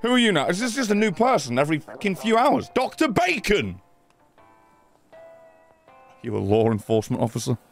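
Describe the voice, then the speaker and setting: A man's voice: a little high, very animated, racing, creaky, hardly any pauses, faint music behind. Man ranting over a game. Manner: sweary, exasperated ranting at the game. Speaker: gaming streamer. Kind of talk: live game commentary.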